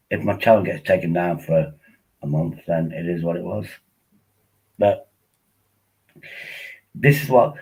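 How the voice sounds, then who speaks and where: Husky tipsy man hosting a live stream. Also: fairly low pitch, darkish tone, rough recording. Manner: rambling, coaxing viewers to join. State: tipsy from drinking. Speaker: livestream host. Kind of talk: casual live stream chat.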